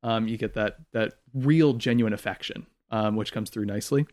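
A man co-hosting a podcast in casual chat, relaxed and opinionated, with frequent "um"s. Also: on the low side, moderate pace. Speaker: podcast co-host.

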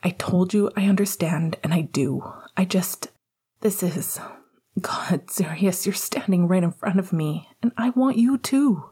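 A weary young hockey player, guarded and hurt, speaks in a hushed whispered role-play, as a woman puts him on. The breathy whisper sits low and warm, close to the ear. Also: unhurried.

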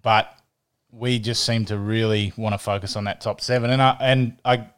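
A man's voice: lowish voice, flat delivery, normal speed, clean tone. A man co-hosting a sports podcast, chatting casually and often repeating words as he thinks. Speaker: podcast co-host.

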